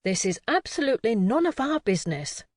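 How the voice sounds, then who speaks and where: Careful middle-aged lady detective, a woman reading her, measured, lively up-and-down pitch. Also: dry recording, clean studio sound. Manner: measured and cautious.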